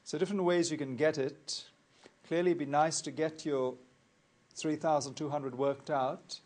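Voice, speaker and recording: A man teaching accounting in a recorded lecture, explaining worked examples in a measured, methodical way and repeating key points. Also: on the high side, fairly even intonation, darkish tone. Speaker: accounting tutor.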